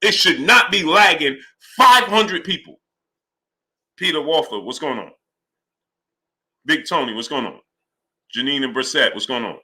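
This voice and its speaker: Animated man ranting on a live stream. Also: fairly high pitch, measured pace, long pauses. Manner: animated and heated, greets chat names. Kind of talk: live boxing commentary stream.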